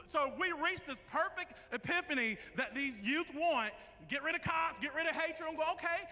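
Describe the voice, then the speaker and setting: A man preaching a passionate sermon to his church as its minister, at times shouting. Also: very high-pitched, animated, moderate pace, hardly any pauses, in a large hall. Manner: impassioned preaching, rising to shouts. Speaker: pastor. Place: church sanctuary.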